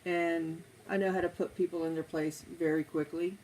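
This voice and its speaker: A middle-aged woman chats casually on a live stream. She rambles easily from one topic to another in a lowish voice, with a faint hum of ambience behind her. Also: level tone, normal speed, darkish tone, rough recording. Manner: rambling, chatty, drifting between topics. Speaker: streamer chatting with viewers.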